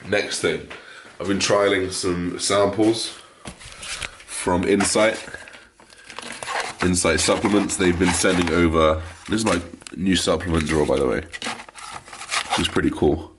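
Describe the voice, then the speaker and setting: A man with a deep, slightly raspy morning voice, chatting frankly as a fitness vlogger and swearing now and then. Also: steady tone, measured pace, long pauses, reverberant, noisy background. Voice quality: deep, a little raspy from waking. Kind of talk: casual vlog chat. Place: at home just after waking, echoey room.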